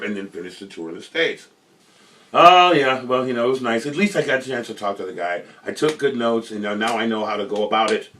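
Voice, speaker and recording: A man spins an animated anecdote and throws himself into the voices of the people in it. His voice is bright and forceful. He sits a little back from the mic, so he sounds distant. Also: mid-range voice. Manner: acts out quoted voices, loud and lively. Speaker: former bandmate telling an anecdote. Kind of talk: animated storytelling.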